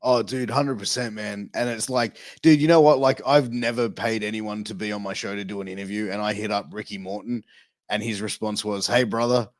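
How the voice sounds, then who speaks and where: A man's voice: fairly low pitch, fairly even intonation, brisk, dry recording. A man with an Australian accent, hosting a podcast interview in a laid-back, chummy way, full of slang. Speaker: podcast host. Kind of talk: casual interview.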